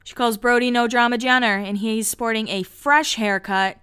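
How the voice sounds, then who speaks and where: A woman's voice: a little high, fairly even intonation, normal speed, a bit bright, clear, resonant tone. A woman hosting a podcast, recapping a show in a casual, chatty way with lots of 'like'. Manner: chatty, heavy use of 'like', laughs often. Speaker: podcast host.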